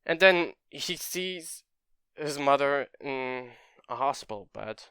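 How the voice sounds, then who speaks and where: A man's voice: mid-range voice, expressive, slow pace, pushed and bright, clean tone, no echo, studio quality. A man casually narrating a fan story in a rambling way, correcting himself as he goes.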